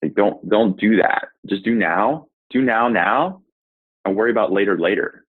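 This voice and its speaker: A man gives emphatic, repetitive pep talk on a group video call. His voice is husky. The sound is squeezed thin like an old phone line. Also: lowish voice, normal speed. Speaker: interview guest, startup sales coach.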